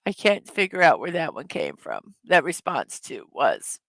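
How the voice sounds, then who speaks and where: A woman's voice: sits low, huge pitch swings, a little slow, dry recording. A middle-aged woman hosting a casual livestream, giggling as she reads viewers' jokes aloud. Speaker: livestream host.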